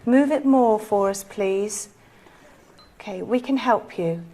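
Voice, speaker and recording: A woman leading a ghost-hunt séance, asking soft, coaxing, pleading questions. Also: mid-range voice, slow. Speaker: séance leader.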